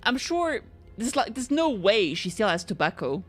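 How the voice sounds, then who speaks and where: Young woman gamer chatting while she plays, giggly and playful, voice jumps around a lot, game music soft in the back. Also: medium pitch, very animated, normal speed, slightly rough. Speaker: streamer. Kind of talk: casual game-stream chat.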